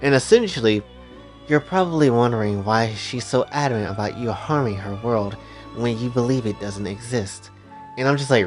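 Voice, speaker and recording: A man's voice: medium pitch, moderate pace. Chill guy rambling through a fan story, slangy and playful, faint music behind. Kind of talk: casual fan story narration.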